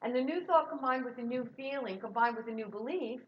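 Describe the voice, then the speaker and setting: A middle-aged woman giving a sermon as guest minister, warm and encouraging as she leads the congregation. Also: on the high side, a little fast, highs cut off. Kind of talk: sermon with sung jingles. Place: church sanctuary.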